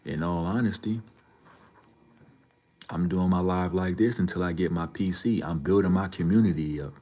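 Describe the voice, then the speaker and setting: A man's voice: deep voice, normal speed, darkish tone. A man livestreaming, talking casually and emphatically to his chat, repeating his points as he lectures the viewers. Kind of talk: casual live-stream talk to chat.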